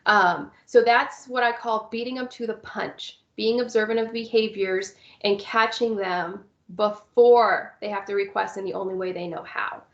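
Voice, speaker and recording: With a mid-range, steady voice at normal speed and few pauses, a woman teaches step by step about young children with visual impairments in a recorded presentation, acting out cheerful teacher lines. The room is reverberant and the highs are cut off.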